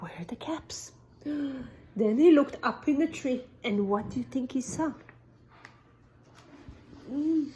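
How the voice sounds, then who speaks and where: A woman preschool teacher reading a picture book aloud to toddlers, animated, with gasps and sudden whispers. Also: high-pitched. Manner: animated, gasping, dropping to whispers.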